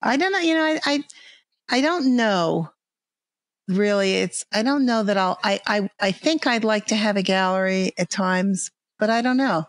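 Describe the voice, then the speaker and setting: An older woman with a New York accent chats casually as a guest, halting and restarting often. Her voice sits at a middling pitch and sounds dry and close, with little room around it. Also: expressive, no echo. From New York area. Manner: halting, many restarts and fillers, laughs easily. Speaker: guest artist and illustrator. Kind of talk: casual interview chat.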